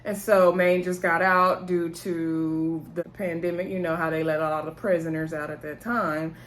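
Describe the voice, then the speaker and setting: A woman's voice: lowish voice, little pitch movement, normal speed, slight background noise. A woman giving a casual, chatty recap of a TV episode, retelling scenes and quoting the characters in an informal way. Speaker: TV episode reviewer.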